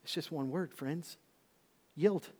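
A man preaching a sermon, telling stories with lively swings between loud calls and hushed asides. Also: a little high, slow pace, breathy edge. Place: church auditorium. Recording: long reverb of a large hall.

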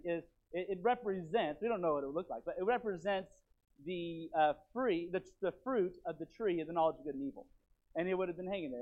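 Man, pastor, sermon, rambling and animated, high voice, tinny phone-like sound. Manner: rambling, repeats himself, animated. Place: church.

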